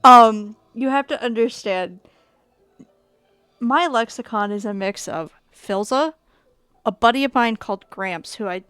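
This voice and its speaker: A young Minnesotan woman chats casually on a gaming stream, rambling, laughing, swearing offhandedly and using lots of fillers. Her mid-range voice has vocal fry and a slight brightness, and the recording is dry.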